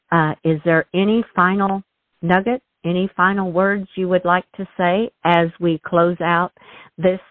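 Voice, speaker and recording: A woman's voice: fairly low pitch, no echo. A woman hosting a podcast interview, effusive and emotional, often restarting her sentences. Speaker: host. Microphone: call. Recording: tinny phone line.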